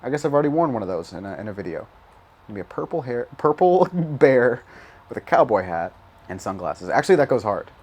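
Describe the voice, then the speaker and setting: A man's voice: mid-range voice, sing-song, a little fast, darkish tone, slightly rough. A young man giving casual, rambling commentary while playing a driving game, swearing often and laughing at his own jokes. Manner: rambling, profane, self-mocking, laughs often. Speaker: gaming YouTuber.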